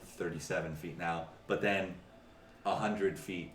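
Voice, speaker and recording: Rambling low-voiced dungeon master, roomy. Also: male voice, fairly even intonation. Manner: rambling, halting, amused. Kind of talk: narrating a tabletop game. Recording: distant echoey room, noisy.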